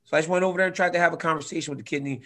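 Man in his twenties, fairly high voice, forceful and tense, animated storyteller. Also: very fast. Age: 20s. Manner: animated storytelling, swings from loud to quiet. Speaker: guest fighter. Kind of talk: casual chat.

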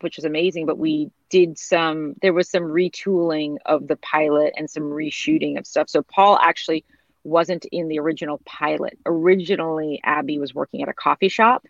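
A woman's voice: low-pitched, creaky, no echo. A woman being interviewed, telling stories in a loose, rambling way with many fillers and restarts. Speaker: interview guest, TV director and writer. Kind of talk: casual conversational storytelling. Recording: slightly dull, lo-fi sound.

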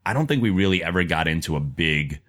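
Podcast host: man with a very deep voice, relaxed and chatty as he sums up the day. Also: quick pace. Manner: laid-back, recapping events. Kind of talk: casual chat.

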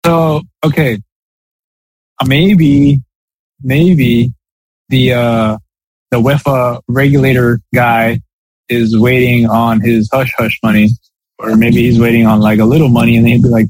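A man chatting on a podcast, rambling through his thoughts with plenty of fillers and restarts. His voice is slightly husky. It sits at an ordinary pitch, and the sound is dry and close to the mic. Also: fairly even intonation, a little slow, pauses often, darkish tone, no room sound, low-quality recording. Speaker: podcast co-host. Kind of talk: casual podcast chat.

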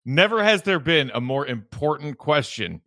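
A man's voice: fairly high pitch, normal speed, no room sound, studio quality. A man hosting a podcast with upbeat delivery, reading ads and introducing callers. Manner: upbeat, lively host delivery. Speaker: podcast host. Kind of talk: casual chat and ad read.

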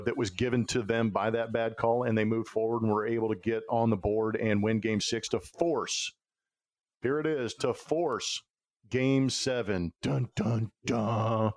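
A man hosting a sports podcast, telling stories in a chatty, casual way with frequent filler words. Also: on the low side. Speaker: podcast host. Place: Houston.

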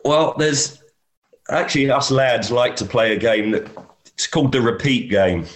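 A man's voice: medium pitch, normal speed. A man, a golf caddy, telling anecdotes in a casual chat and often laughing as he talks.

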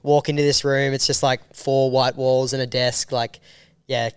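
A man from the film crew, telling a travel story in casual chat, rambling and animated with lots of fillers. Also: medium pitch, moderate pace, noisy background. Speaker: documentary filmmaker guest.

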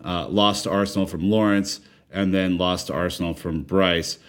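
A man co-hosting a casual podcast, reading out listener comments in a relaxed way with fillers. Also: deep voice, normal speed. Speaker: podcast co-host.

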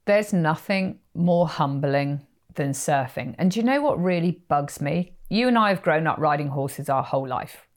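A woman's voice: sits low, moderate pace. A woman co-hosting a casual chat, telling a surf story and acting out the voices of the people in it. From England. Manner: animated, acts out quoted lines. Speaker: podcast co-host.

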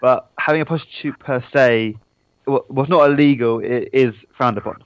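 A young man from southern England, speaking with an English accent, co-hosts a casual internet radio chat, cheeky and prone to stammering restarts. His voice sits mid-range at a moderate pace, and the dry recording has its highs cut off, with faint music in the background.

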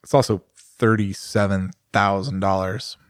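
A man co-hosting a casual podcast, talking fast and acting out other riders' thoughts in short bursts. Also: sits low, no room sound, studio quality. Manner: animated, acts out riders' thoughts in quick bursts. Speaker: podcast co-host. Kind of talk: casual motorcycle chat.

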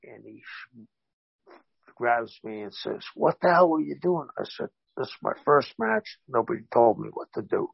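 Gravelly man telling wrestling stories. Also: medium pitch, normal speed, no echo, highs cut off. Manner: animated anecdotes with voiced quotes. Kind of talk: casual storytelling interview.

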